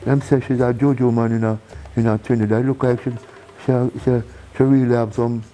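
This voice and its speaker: A man with a Jamaican accent, a reggae singer telling stories in a casual interview. He is animated, acting out the voices of people in his stories and laughing often. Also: mid-range voice, a little fast, slight background noise, rough recording. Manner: animated storyteller who acts out quoted voices and laughs often.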